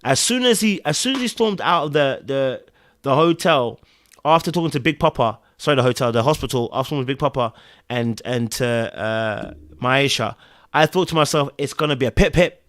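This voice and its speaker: Animated man recapping TV. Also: medium pitch, moderate pace, dry recording, clean studio sound. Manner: animated, repeats phrases for emphasis. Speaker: TV recap podcast host. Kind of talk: casual recap commentary.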